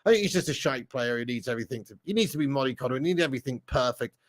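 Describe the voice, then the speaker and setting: A man's voice: medium pitch, animated, rapid-fire. A man hosting a live football chat, reading out viewer comments and teasing them with blunt jokes and frequent laughter. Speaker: fan channel host reading live chat.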